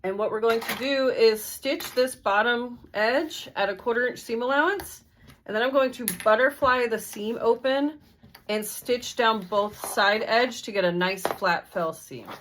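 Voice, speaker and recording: A woman's voice: fairly high pitch, unhurried, a bit bright, a little hiss or hum. A woman walking through a sewing tutorial step by step, in a friendly, methodical, casual way. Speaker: sewing instructor.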